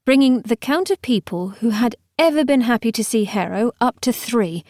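In clean studio sound with a dry recording, a woman with a slightly high voice narrates an audiobook. She reads the novel's script in a measured, expressive way.

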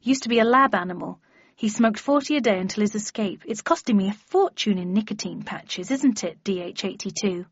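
A woman's voice: mid-range voice, lively intonation, brisk, breathy edge, no echo. Woman playing a fussy bustling mum, cooing and scolding, dry slightly muffled sound. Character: fussy, bustling middle-aged mother.

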